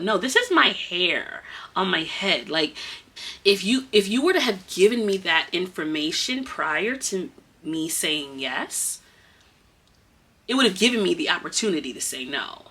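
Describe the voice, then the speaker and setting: A woman who teaches kindergarten tells a story in a casual, animated vlog and speaks straight to her viewers. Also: measured pace, breathy edge. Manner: animated, emotional retelling with big swings in pitch; casual, addresses viewers as y'all.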